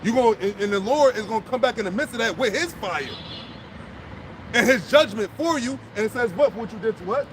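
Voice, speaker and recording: A man's voice: high-pitched, expressive, fairly quick, background noise. A man preaching outdoors, blunt and profane, fired up and repeating himself as he drives each point home. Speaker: street preacher. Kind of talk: impassioned outdoor sermon.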